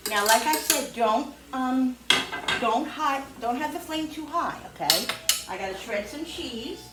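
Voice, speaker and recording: In an echoey home kitchen with a pan sizzling, a woman hosting a cooking video chats in a rambling way, frequently correcting herself as she works. Her voice is high-pitched with lively intonation and an unhurried pace, captured by a distant mic over frying noise.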